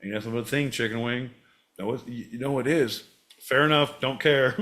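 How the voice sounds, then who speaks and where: A man's voice: mid-range voice, normal speed. A man co-hosting a podcast, talking in casual banter, swearing a lot and acting out angry rants. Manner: profane, animated, acts out rants in character. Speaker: podcast co-host.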